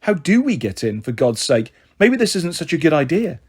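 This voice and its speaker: A man's voice: a little high, very animated, normal speed, husky. A man voicing a flustered young mother who talks in a wavering, helpless way in a storybook reading. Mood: nervous. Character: flustered young working-class mum.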